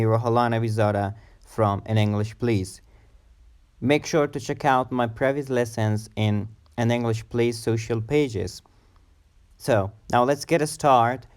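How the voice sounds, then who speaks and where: Slow, clear-voiced male English teacher. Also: medium pitch. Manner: slow, deliberate, repeats words for learners. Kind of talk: pronunciation lesson.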